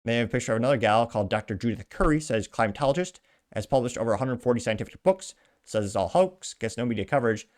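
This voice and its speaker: A man's voice: medium pitch, expressive, fast. A man hosting a political commentary show, reading social media posts aloud and reacting with sarcastic, muttered asides.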